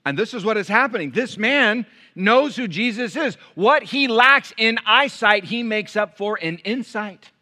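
Bright-voiced man preaching with swings in intensity. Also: high voice, lively intonation. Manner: dynamic preaching, swinging from loud emphatic lines to hushed intimate ones; acts out crowd voices in quick asides. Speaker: pastor. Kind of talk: sermon.

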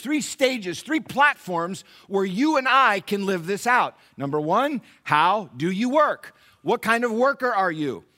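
A man preaching a sermon, retelling scripture dramatically, swinging from hushed lines to loud, animated asides. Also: sits high. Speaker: pastor.

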